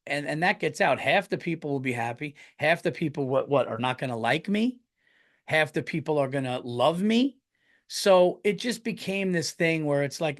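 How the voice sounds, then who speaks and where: Animated, swearing man telling a story. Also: on the high side, normal speed. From United States. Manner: rambling, animated, swears a lot, restarts sentences. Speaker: podcast host and comedian. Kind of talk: casual storytelling monologue.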